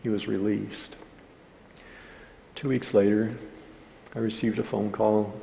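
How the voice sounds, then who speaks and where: A pastor with a fairly low, warm voice delivers a sermon in a church hall, speaking slowly with vocal fry and little pitch variation. He earnestly tells an anecdote, acting out and quoting the people in it. The recording carries hall reverb and faint room noise.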